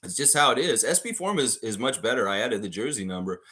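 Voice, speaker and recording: A man's voice: medium pitch, very animated, quick pace, bright, forceful tone. A man hosting a live trivia stream, reading out questions and answering the chat as he goes.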